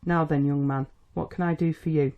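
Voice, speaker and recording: A reader doing a gruff, testy old country doctor. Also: mid-range voice, steady tone, a little fast, highs cut off, close to an everyday voice. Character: stern worried old country doctor, a father.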